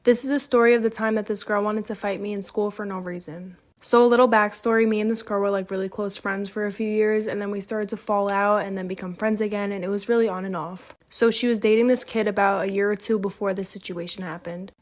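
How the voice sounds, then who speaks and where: A woman's voice: medium pitch, steady tone, quick pace, few pauses, no echo. A woman telling a casual storytime close to a phone mic, chatty with lots of "like" fillers and casual swearing.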